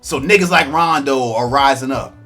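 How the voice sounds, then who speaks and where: A man's voice: medium pitch, normal speed, sharp tone. A man giving a blunt, profane, mocking rant of political commentary. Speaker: online commentator.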